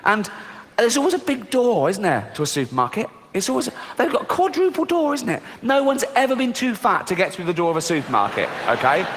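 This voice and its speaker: A man's voice: high-pitched, wildly swooping pitch, brisk, fairly bright tone. A middle-aged man from Britain performing a mocking, sardonic stand-up routine on a theater stage, swearing freely. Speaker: stand-up comedian. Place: theater stage before a laughing audience. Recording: long hall reverb, faint noise.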